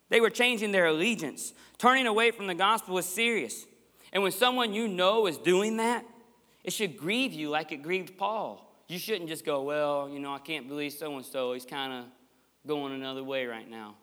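A man's voice: high-pitched, sharp tone. A man preaching a sermon as pastor in a church sanctuary, passionate and emphatic, with folksy asides to the congregation. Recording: long echoey church hall reverb.

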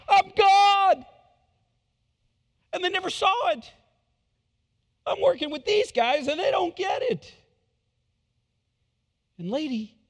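Preacher voicing Jesus: gentle, marveling man, high voice, long church-hall echo. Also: exaggerated voice. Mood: exasperated. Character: Jesus, a gentle man amazed at a humble woman.

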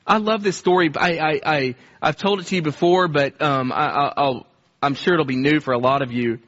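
Man, pastor, earnest conversational sermon, fairly high voice, dull lo-fi recording. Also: moderate pace, a bit bright.

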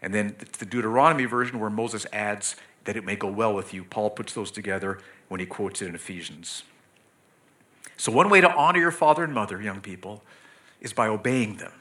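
A man's voice: on the low side, animated, fairly quick, pushed and bright. A middle-aged pastor preaching a sermon, speaking earnestly and directly to the children and parents in his church.

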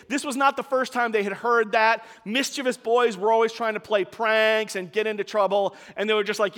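High-voiced male preacher telling a story. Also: fairly even intonation, fairly quick, hardly any pauses, a bit bright, big-room sound. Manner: conversational storyteller with casual asides. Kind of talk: storytelling sermon.

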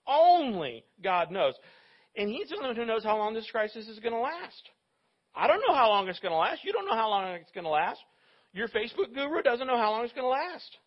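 A man's voice: extremely high pitch, very animated, quick pace, husky. A male pastor preaching a sermon in a conversational way, with joking asides to his congregation. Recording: dull lo-fi recording.

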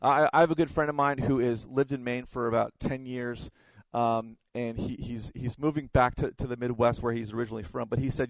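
A man's voice: mid-range voice, fairly even intonation, brisk, creaky, dry recording, rough recording. A man preaching a sermon, telling stories and often repeating his words as he goes. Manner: storytelling, stumbles and repeats words. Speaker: pastor.

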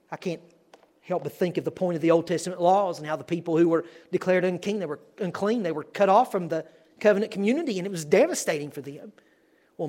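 A man preaching as a guest, earnest and building to emphatic declarations. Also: fairly high pitch. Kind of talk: sermon.

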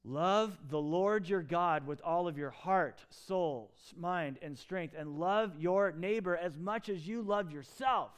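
A man preaching a sermon in an animated, emphatic way, with quick asides and restarts. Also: high voice, smooth. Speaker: pastor.

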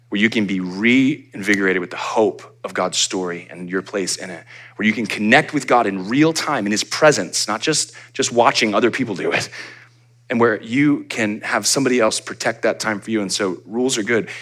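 A man preaching a sermon as pastor, conversational and animated, acting out little asides for his congregation. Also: mid-range voice, fairly quick. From United States.

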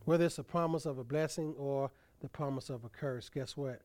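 A male pastor preaching a sermon, building to emphatic peaks and letting phrase endings fall soft and low. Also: brisk.

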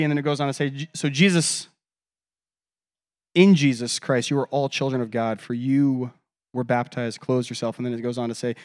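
A man in his thirties preaching a sermon as pastor, telling stories and acting out quoted voices, swinging between loud and quiet. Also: mid-range voice.

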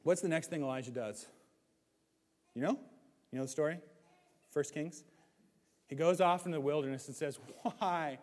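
A man preaching a sermon as pastor, animated, swinging between loud, excited stretches and hushed ones. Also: fairly high pitch, normal speed, pauses often. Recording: hall reverb.

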